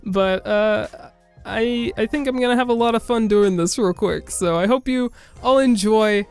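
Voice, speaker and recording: A young man chatting casually to his viewers as a gaming creator, self-deprecating and quick to laugh at himself. His voice sits rather high for a man. Faint music runs underneath. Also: smooth. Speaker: gaming YouTuber. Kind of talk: casual vlog to camera.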